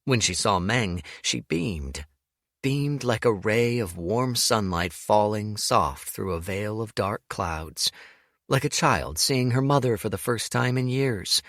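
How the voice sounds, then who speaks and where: A man narrating an audiobook in an expressive, storytelling manner. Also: lowish voice, slow pace, no echo, clean studio sound.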